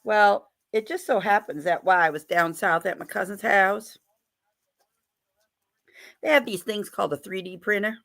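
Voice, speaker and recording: A woman's voice: medium pitch, moderate pace, creaky, pauses often, fairly bright tone. A woman hosting a live stream in a chatty, playful way, greeting viewers by name. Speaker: livestream host. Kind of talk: casual live-stream chat.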